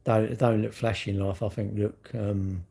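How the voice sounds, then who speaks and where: A man's voice: on the low side, little pitch movement, measured pace, dark tone. A middle-aged man, chatting bluntly and mockingly as he reads comments on a live stream. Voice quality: gravelly, husky. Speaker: livestream host reading comments. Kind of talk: casual live-stream chat.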